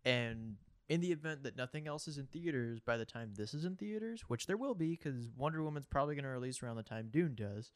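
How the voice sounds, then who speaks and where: A man's voice: medium pitch, lively intonation, brisk, few pauses, smooth. A young man co-hosting a podcast who laughs easily, teases, and steers the topics. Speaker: podcast co-host. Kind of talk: casual chat.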